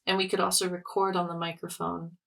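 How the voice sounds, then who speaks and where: A young woman artist talking through her thoughts, halting and searching for words with many fillers and restarts. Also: on the low side, little pitch movement, vocal fry, fairly bright tone, distant mic, poor audio. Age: young adult. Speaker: artist, podcast guest. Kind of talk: reflective casual conversation.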